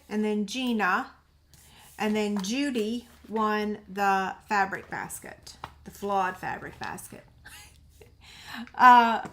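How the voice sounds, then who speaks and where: Slow-talking woman crafter host. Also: mid-range voice, fairly bright tone. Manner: chatty, addresses viewers by name. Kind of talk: casual livestream chat.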